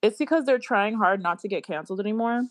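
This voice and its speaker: A woman in casual podcast chat, telling a story in slangy, animated talk. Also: medium pitch, fast talker.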